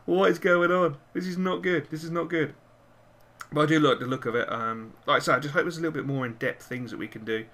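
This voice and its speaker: Excitable man commentating a game. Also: on the high side, quick pace. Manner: excitable, cursing and cheering at the game. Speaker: gaming channel host. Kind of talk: live football video game commentary.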